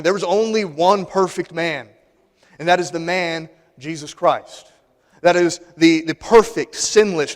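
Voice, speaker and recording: Emphatic high-voiced male preacher. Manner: emphatic, repeats phrases for stress. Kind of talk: sermon. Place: church sanctuary. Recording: long hall reverb.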